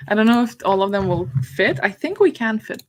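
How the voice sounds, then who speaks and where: A woman chatting casually on a livestream, giggling often as she talks. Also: medium pitch. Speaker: book streamer.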